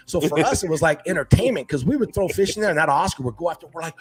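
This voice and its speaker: A middle-aged man from Hawaii telling casual stories about his life, animated and acting out what his family said. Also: a little high, fast, hardly any pauses, slightly rough. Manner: animated, acts out family quotes. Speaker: podcast guest. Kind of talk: casual storytelling chat.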